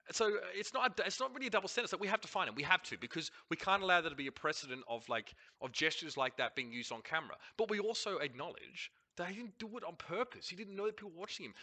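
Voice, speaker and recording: Talking quickly and animatedly in a high, sharp voice, this Australian host reviews a match broadcast with casual commentary over the replay. He's blunt, ranting and swearing without restraint.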